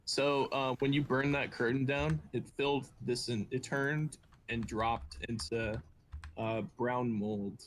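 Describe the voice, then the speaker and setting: A man's voice: medium pitch, steady tone, slow pace. A man narrating as game master in a casual, laughing way.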